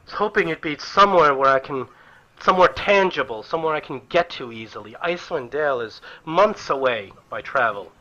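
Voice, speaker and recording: An earnest, poised priestess , put on by a man, with a bright, forceful edge, her voice lilting upward when surprised. The recording is dull and lo-fi, like a home tabletop game session. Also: on the high side, animated, brisk.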